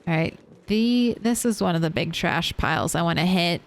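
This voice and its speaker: A woman's voice: lowish voice, moderate pace. A woman streaming a survival game, chatting casually and answering her chat as she plays. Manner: chatty, reads and answers chat while playing.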